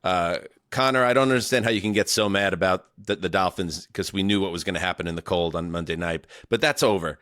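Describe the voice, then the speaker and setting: A man's voice: low-pitched, fast, hardly any pauses, fairly bright tone, no echo, studio quality. A man hosting a sports podcast, wry and meandering with jokey asides. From New York area. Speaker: podcast host. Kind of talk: casual podcast chat.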